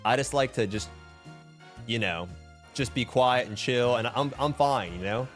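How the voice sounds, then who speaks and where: A young man in the middle of his usual pitch spins a long story in a loose, rambling way, packing it with filler words and swearing. Faint music sits quietly behind his voice. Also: unhurried. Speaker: streamer. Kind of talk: casual storytelling.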